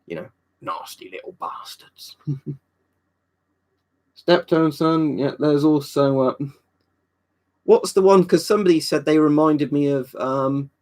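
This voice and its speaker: A young adult man from England chatting casually on a live stream, rambling, swearing freely and answering viewers' questions. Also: lowish voice.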